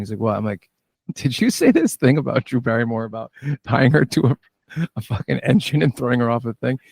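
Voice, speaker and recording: A man, a musician and director, telling lively stories in a casual interview and acting out what people said. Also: mid-range voice, fairly quick, creaky, no room sound. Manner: animated storyteller, acts out quoted dialogue.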